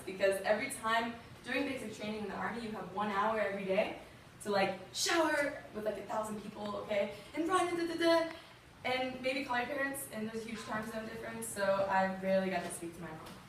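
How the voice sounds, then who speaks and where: A woman's voice: medium pitch, slight background noise. Young Southern woman, guest speaker, heartfelt storytelling, distant mic, big reverberant room. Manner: earnest, emotional, conversational with fillers. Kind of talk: personal story talk to a youth audience.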